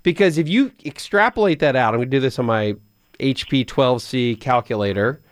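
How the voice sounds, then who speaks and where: This medium-pitched man speaks briskly, with no echo, from a radio studio through a studio microphone. As host of a finance call-in show, he explains money advice conversationally, repeatedly restarting his sentences.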